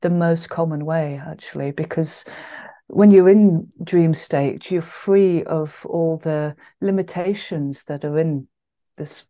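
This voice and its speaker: Low, mellow-voiced woman host. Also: slow. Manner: brief affirming replies. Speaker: podcast host. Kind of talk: casual interview.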